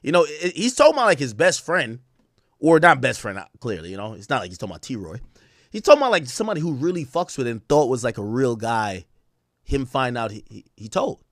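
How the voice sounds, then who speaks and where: A man streaming casual commentary, reciting rap lyrics in a chanting flow and then explaining them in animated, rapid bursts. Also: mid-range voice, dry recording, studio quality. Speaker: streamer reacting to rap songs.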